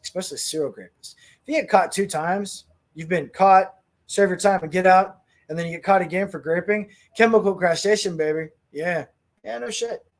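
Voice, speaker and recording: A man hosting a podcast, ranting bluntly and casually, swearing a lot. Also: fairly high pitch. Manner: crude, blunt, swears freely. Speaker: podcast host. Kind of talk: casual opinion rant.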